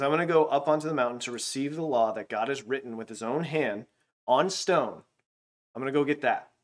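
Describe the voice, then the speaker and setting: A middle-aged man leads a Bible class in a loose, chatty way. His voice sits at an ordinary middle pitch. He jumps into quick little acted voices as he retells the scripture. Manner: conversational, animated retelling with acted-out quotes. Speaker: Bible teacher. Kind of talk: casual Bible lesson.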